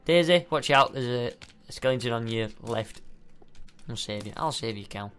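A man's voice: mid-range voice, lively intonation, normal speed, a bit bright, clear, resonant tone, faint music behind. A man playing a video game with a friend, joking and chatting casually. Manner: joking, playful. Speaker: gamer. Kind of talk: casual let's-play chat.

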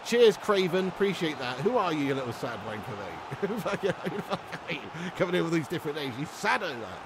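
A man's voice: a little high, sing-song, a little fast, noisy background. A man live-streaming a football game, chatting loosely with his viewers, swearing and laughing often. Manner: swearing, laughing, rambling banter with chat. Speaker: streamer reading chat. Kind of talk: casual live-stream chat.

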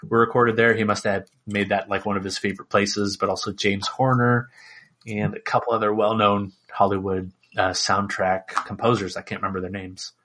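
A man's voice: on the low side, flat delivery, normal speed, pushed and bright. A man co-hosting a podcast in casual chat, rambling with lots of fillers. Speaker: podcast co-host.

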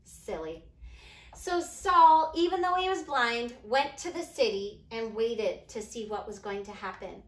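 A woman teaching preschoolers online, telling a Bible story in a gentle, sing-song way. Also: a little high. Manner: gentle, sing-song, talking slowly to small kids. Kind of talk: storytelling to young children. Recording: echoey room.

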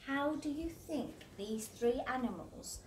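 A woman's voice: high voice, takes it slowly, a little hiss or hum. A woman reading a picture book aloud to children in a sing-song storyteller manner, asking them questions along the way. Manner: animated, sing-song, talks to kids.

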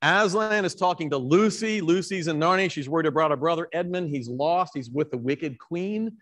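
A man with a somewhat high voice delivers a sermon in a church in a loose, conversational way. He is animated and stops to correct himself, with asides to the congregation. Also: normal speed. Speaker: priest and rector.

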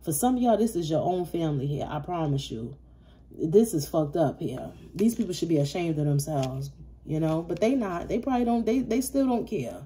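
A woman's voice: lowish voice, lively intonation, normal speed, warm tone, slightly rough. Blunt, profane woman tarot reader. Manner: blunt, profane, repetitive and emphatic. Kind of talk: casual collective tarot reading.

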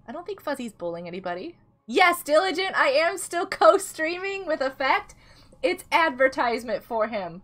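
A woman streamer chats her way through a game, giggling often and calling out viewers by name. Her voice sits high and bright. Faint music plays under her. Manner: chatty, giggly, greets chat by name. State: unwell. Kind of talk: live game stream chat.

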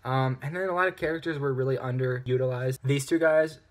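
A man giving a casual spoken movie review, animated and ranting, with outbursts of frustration. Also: medium pitch, a little fast.

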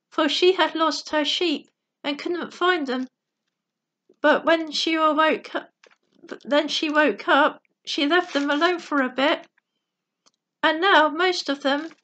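A woman reading a bedtime story aloud in a gentle, unhurried way, correcting herself now and then. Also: high voice.

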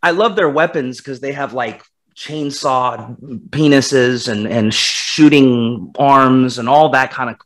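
A man co-hosting a casual movie review podcast, retelling scenes in an animated, rambling way with frequent restarts. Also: medium pitch, takes it slowly. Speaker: podcast co-host.

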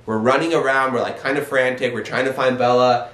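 Animated young man, echoey room. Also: mid-range voice, fairly quick. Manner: animated, acts out his own quoted lines. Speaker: vlogger. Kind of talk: casual storytelling.

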